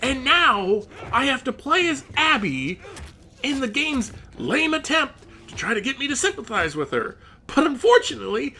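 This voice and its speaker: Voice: mid-range voice, very animated, normal speed, sharp tone. A gaming commentator in a profane, exasperated rant about a game, with frequent outbursts of rising disbelief.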